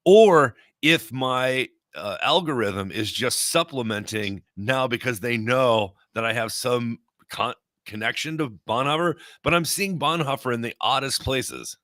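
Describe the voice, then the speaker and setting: A man's voice: mid-range voice, a little slow, hardly any pauses, a bit bright, no echo, studio quality. A man chatting casually on a podcast, playful and easygoing. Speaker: podcast guest. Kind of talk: casual chat.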